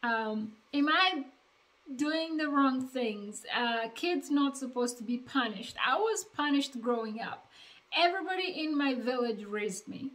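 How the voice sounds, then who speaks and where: A woman's voice: sits high, a little slow, rough recording. A woman from Uganda, a mother telling a family story to her viewers in a casual, chatty way and acting out the dialogue. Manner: chatty, animated retelling with quoted dialogue. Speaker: vlogger, mother of two.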